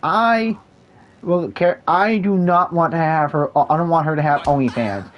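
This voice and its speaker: While gaming, a vlogger rants in a loose, repetitive way, often breaking off and starting his sentences over. He speaks on the high side and a little slowly, and the audio is dull.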